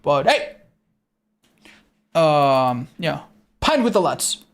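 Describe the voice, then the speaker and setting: This man's voice is on the high side and sing-song, and he speaks very slowly. He's hanging out on a livestream, reading chat, cursing freely and laughing often, in English that isn't his first language.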